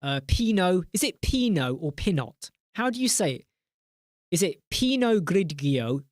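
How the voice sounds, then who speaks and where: A live stream host with a high-sitting voice and big pitch swings rambles and jokes through a casual chat at normal speed, reading out viewer names with mock exasperation. The studio sound is clean and echo-free.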